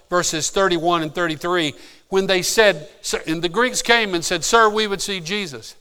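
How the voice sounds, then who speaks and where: A man preaching a sermon in a clear, resonant voice pitched a little above the usual for men. He explains scripture calmly, then presses his points with fervent emphasis. He often repeats and restarts words mid-phrase. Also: moderate pace. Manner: builds from calm teaching to fervent emphatic preaching. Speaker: pastor.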